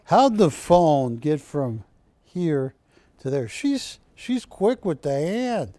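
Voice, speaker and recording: A man's voice: on the high side, big pitch swings, slow, dark tone, no echo. A man hosting a live shopping channel broadcast, selling art with chatty, jokey banter from a studio. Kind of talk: live TV sales pitch.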